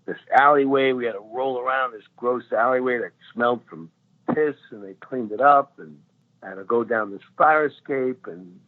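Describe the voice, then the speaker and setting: A man in his sixties, a guest actor, telling lively anecdotes in a casual chat and laughing often. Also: on the low side. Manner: animated storyteller, laughs often. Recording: tinny phone line.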